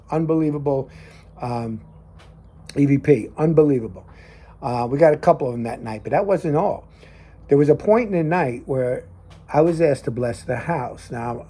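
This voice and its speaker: A man's voice: mid-range voice, dark tone, husky. A middle-aged man hosting a casual talk show, rambling through a story with many fillers and restarts. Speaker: host. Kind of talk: casual chat. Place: garage.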